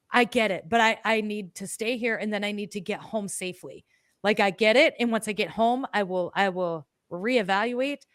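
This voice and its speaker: A woman co-hosting a podcast, telling a story in a casual, animated way, swearing freely and acting out her own words. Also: mid-range voice, no room sound, studio quality. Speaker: podcast co-host.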